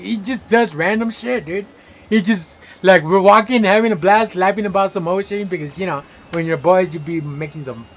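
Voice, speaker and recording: Animated slangy man streamer, higher voice. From Los Angeles area. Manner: animated, slangy, swears freely, laughs loudly. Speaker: game streamer. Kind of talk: casual storytelling chat while gaming.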